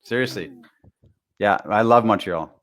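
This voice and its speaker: A man's voice: lowish voice, a little slow, fairly bright tone, a little hiss or hum. Rambling man telling stories. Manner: rambling, repeats words, tells anecdotes. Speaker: interview guest, dating author. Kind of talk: casual interview talk.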